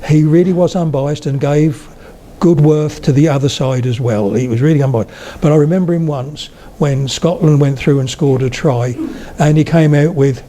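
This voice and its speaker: A man's voice: on the high side, normal speed, dark tone. An older man giving a public lecture, telling humorous anecdotes as he goes. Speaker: speaker on the history of spoken English.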